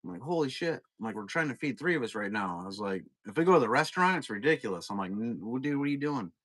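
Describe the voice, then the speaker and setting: A man's voice: medium pitch, expressive, quick pace, fairly bright tone, dry recording. A middle-aged man chatting casually on a live selling stream, rambling through stories, swearing freely and laughing at himself. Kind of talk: casual chat. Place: at home, sitting.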